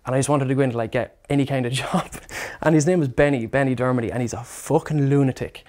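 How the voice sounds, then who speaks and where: Fast-talking Irish man telling stories. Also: medium pitch. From Ireland. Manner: swearing, animated storyteller. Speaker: musician guest. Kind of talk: casual chat.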